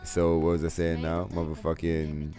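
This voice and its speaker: Male streamer host, very deep voice, rambling, profane chat. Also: moderate pace, over music. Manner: profane, rambling, animated storytelling. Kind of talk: casual livestream chat.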